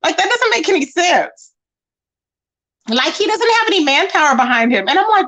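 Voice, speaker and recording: A woman hosting a live stream, chatting casually with viewers and mocking a rival in an animated way. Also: extremely high pitch, normal speed. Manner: animated and mocking, addressing chat as y'all. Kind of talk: casual gossip commentary.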